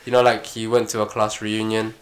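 A young man, co-hosting a casual chat and telling long, animated, slangy stories. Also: fairly low pitch, brisk. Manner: animated, slangy, rambling storyteller. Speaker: podcast co-host.

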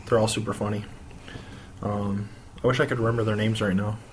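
A man's voice: fairly low pitch, little pitch movement, a little fast, a little hiss or hum. An American man co-hosting a casual gossip podcast with his wife, rambling, swearing freely and laughing often. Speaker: podcast co-host. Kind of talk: casual chat.

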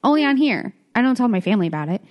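A young woman with a fairly high, very lively voice tells a story on a casual podcast chat. She laughs often and puts on the voices of the people she quotes. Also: very fast, dull audio. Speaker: podcast co-host.

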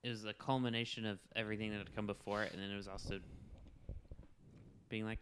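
A man's voice: lowish voice, level tone, fast talker, a bit bright, a little hiss or hum. A man co-hosting a casual movie podcast, chiming in with enthusiasm. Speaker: podcast co-host.

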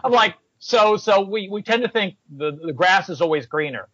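A man's voice: sits high, normal speed, no room sound. A man talking fitness in a casual chat, telling anecdotes and acting out the people he quotes. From United States. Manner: animated storyteller, acts out quoted people. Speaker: fitness coach. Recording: dull, slightly lo-fi sound.

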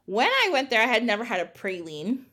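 A woman's voice: on the high side, huge pitch swings, brisk, sharp tone. A woman from the North Jersey area hosting a podcast, chatting casually and laughing often as she tells stories. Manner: giggly, chatty storyteller. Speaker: podcast host. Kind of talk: casual chat.

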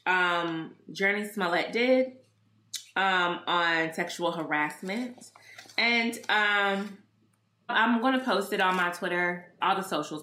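A woman's voice: on the low side, bright, forceful tone, a little hiss or hum. A woman hosting her own podcast, telling a personal story in casual chat, acting out remembered dialogue and swearing freely. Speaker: podcast host. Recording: echoey room.

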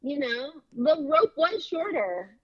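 A woman's voice: high voice, very animated, takes it slowly, dull audio, a crowd in the background. A woman in casual chat, a reality show contestant who reassures her partner in an upbeat way. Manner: reassuring, upbeat, laughs easily.

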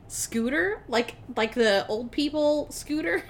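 A woman's voice: high voice, slow pace, slight background noise. A young adult woman co-hosting a podcast, casually recapping a movie plot with lots of swearing and laughter. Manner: animated, swears freely, laughs while retelling. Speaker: podcast co-host.

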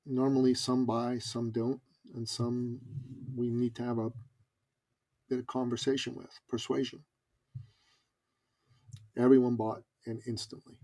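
A man with a gravelly edge and a somewhat husky voice tells a story as a guest on an interview. He speaks casually, with fillers and animated asides, in a voice of middling pitch. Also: a little slow, long pauses. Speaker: podcast guest, business coach. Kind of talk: conversational storytelling.

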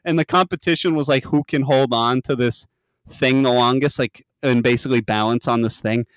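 A man's voice: medium pitch, a little fast, smooth, dry recording. A man hosting a podcast, retelling a reality show in casual chat, swearing a lot and acting out the quotes. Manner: animated storyteller, swears a lot, acts out quotes in a raised voice. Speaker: podcast host.

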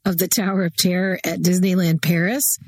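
A woman's voice: on the low side, brisk. A woman co-hosting a podcast in casual chat, telling stories with animation and frequent laughter. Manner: animated storytelling, laughs often. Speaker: podcast co-host.

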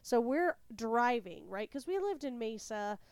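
A young woman from California, a little under the weather, tells her story with blunt, swear-laden candor. Her voice sits a touch high and comes through smooth and clean. The sound is close and dry. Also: unhurried, dry recording. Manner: candid, swears freely, animated retelling. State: a little sick, voice slightly off. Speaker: podcast host. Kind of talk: casual confessional storytelling.

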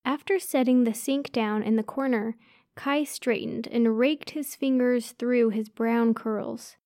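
A woman's voice: a little high, steady tone, a little slow, warm tone, no echo, clean studio sound. A woman narrating a first-person story aloud, giving each character a light voice of their own.

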